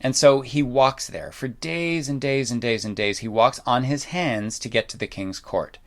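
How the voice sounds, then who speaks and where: A man's voice: medium pitch, normal speed. A man telling a story in a casual, loose way, wandering into asides and dropping in mild swearing. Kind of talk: casual spoken storytelling talk.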